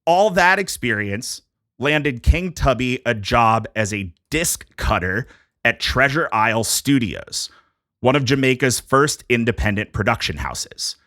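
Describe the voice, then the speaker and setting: Man host, bright tone, dry close sound, casual jokey read of history notes. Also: mid-range voice, animated, unhurried, no echo. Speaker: podcast host presenting a history topic. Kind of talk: casual podcast chat, reading prepared notes.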